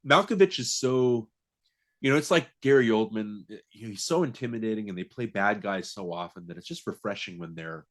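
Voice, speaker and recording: A man's voice: lowish voice, brisk, a bit bright. A man co-hosting a podcast, chatting casually about a film with many fillers, restarts and laughs. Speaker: podcast co-host. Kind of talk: casual movie chat.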